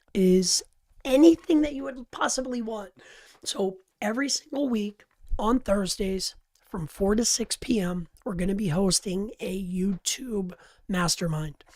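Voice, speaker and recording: A hoarse man with a worn-out voice hosting a casual live stream, talking close to the mic in an animated, chatty way. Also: high-pitched, a little slow, dry recording. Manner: animated, chatty, laughs easily. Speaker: host of a live coaching stream. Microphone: close-up microphone.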